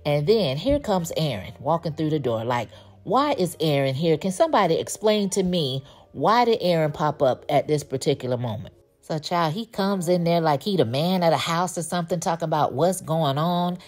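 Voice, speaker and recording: A woman recapping a TV episode in a casual, animated, gossipy way, full of slang and quoted lines. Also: low voice, moderate pace. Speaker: TV show reviewer.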